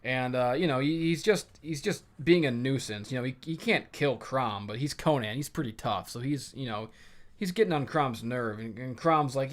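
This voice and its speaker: A man's voice: medium pitch, normal speed. Brief: male comic podcast host, casual, foul-mouthed, rambling. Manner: profane, rambling and animated. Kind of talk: casual comic book chat.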